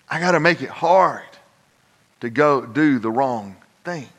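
Older male pastor, bright forceful tone, folksy and emphatic, church-hall reverb. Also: mid-range voice, slow. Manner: folksy, builds to loud emphatic peaks. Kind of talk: sermon.

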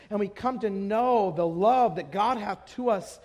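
A man preaching a passionate sermon as pastor, swinging between hushed tones and shouts. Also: sits high, unhurried, hardly any pauses. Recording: long hall reverb.

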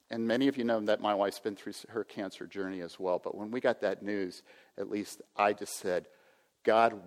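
A pastor in his sixties preaches with a low, steady voice, his earnest delivery echoing with the long reverb of a church hall. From time to time he acts out a self-important inner voice.

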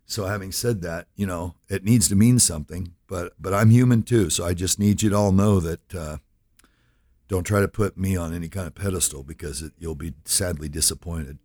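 Earnest guy in his 50s from california, really low voice, dry close sound, lots of uh and okay. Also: darkish tone, no echo. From California, USA. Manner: earnest, checks in with listeners, many fillers. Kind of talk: personal introduction monologue.

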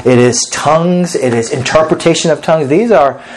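A man's voice: on the high side, fairly quick, low-quality recording. A man preaching an earnest sermon as pastor, reading scripture aloud and pressing his points with rising emphasis.

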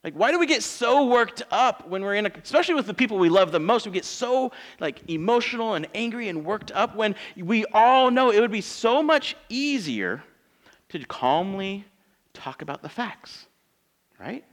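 A man's voice: high voice, very animated, normal speed. A man in his thirties, a pastor preaching a sermon in church in a conversational, joking way, asking his congregation rhetorical questions.

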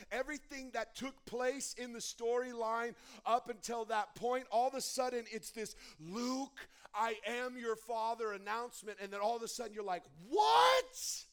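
A young man preaching a sermon, telling a story with lively energy and frequent restarts. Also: very high voice, clear, resonant tone. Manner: animated storytelling, many restarts. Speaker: pastor.

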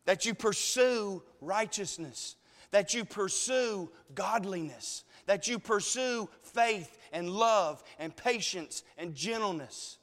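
A man's voice: high-pitched, expressive, slow, a bit bright, long reverb tail. A man preaching a sermon, emotional and tearful, pressing his listeners with pleading questions.

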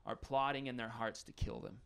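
A man's voice: medium pitch, fairly even intonation, a little fast, vocal fry, fairly bright tone, smooth. A man preaching a conversational sermon as pastor, building scenarios with rising intensity.

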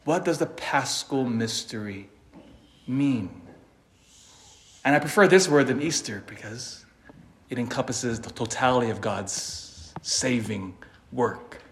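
A man giving a sermon, animated and dramatic, swinging between loud emphasis and quiet asides, with an occasional chuckle. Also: medium pitch, slow, pauses often, roomy sound, a little hiss or hum. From Philippines (family). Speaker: preacher.

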